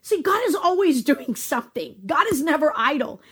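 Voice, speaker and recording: A woman's voice: high voice, animated, moderate pace, fairly bright tone. A woman preaching to viewers, earnest, full of rhetorical questions, rising and speeding up when she voices a questioning prophet. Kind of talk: sermon to a video audience.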